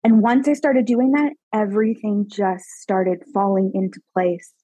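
Woman from Canada, podcast guest; emphatic, animated storyteller, mid pitch, close dry sound. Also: a little slow, no echo, poor audio. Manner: animated, emphatic, frequent "like" fillers. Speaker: guest, psychic medium mentor. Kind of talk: personal storytelling in a podcast interview.

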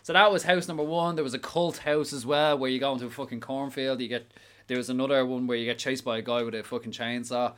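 Young Irish man, casual podcast co-host, animated storyteller with a mid-range voice and a lot of swearing. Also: mid-range voice, quick pace, smooth. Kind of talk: casual chat.

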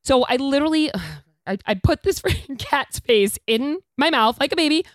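A woman with a fairly high voice tells a story in a relaxed chat, lively and quick to laugh. Her voice sits close and dry, with no room sound around it. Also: dry recording. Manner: animated, laughing through the story.

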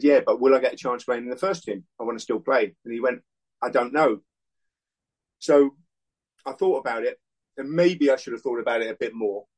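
A man's voice: mid-range voice, rough recording. A man in his sixties, a former footballer and interview guest, telling rambling anecdotes and acting out other people's lines. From England. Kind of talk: casual storytelling interview.

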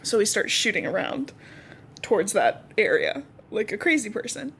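A woman's voice: medium pitch, big pitch swings, normal speed, creaky, fairly bright tone, slight background noise. A young woman co-hosting a podcast, casually recapping a novel and acting out the characters' lines as she goes. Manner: chatty, acts out dialogue in quotes. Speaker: podcast co-host.

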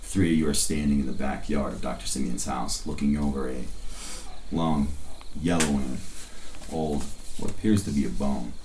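A man's voice: extremely low pitch, fairly even intonation, normal speed, a little mellow, reverberant, a little hiss or hum. A man narrating as game master of a tabletop horror game, playful and joking.

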